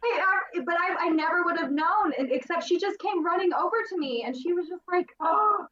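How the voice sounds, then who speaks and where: A woman guest chatting on a livestream, telling stories in a bubbly, animated way. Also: very high voice, brisk, highs cut off, slight background noise. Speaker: guest collector. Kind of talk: casual chat.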